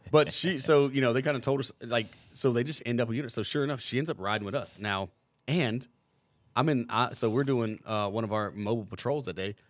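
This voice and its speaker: A man co-hosting a podcast, telling animated, profane stories from his service days. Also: mid-range voice, brisk, dry recording. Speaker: podcast co-host, veteran. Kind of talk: casual storytelling.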